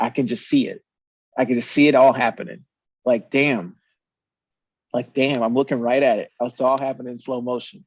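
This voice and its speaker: Brief: man, casual storyteller, lively, swears, dry lo-fi recording. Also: medium pitch, normal speed, breathy edge, no room sound. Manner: animated storyteller, swears, acts out quotes. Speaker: podcast host.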